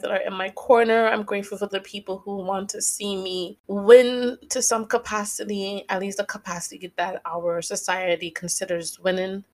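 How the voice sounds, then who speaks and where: A woman hosting a podcast, talking earnestly and reflectively on her own, stressing key phrases by repeating them, and at times slowly guiding listeners through breathing. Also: medium pitch. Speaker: podcast host. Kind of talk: reflective solo podcast monologue.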